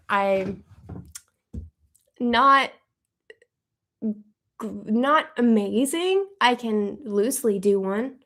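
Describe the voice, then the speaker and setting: An upbeat woman hosts a live stream, answering viewer questions in a loose, chatty way. She thinks out loud and keeps the talk relaxed and friendly. Her voice sits somewhat high. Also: drawn-out words, long pauses.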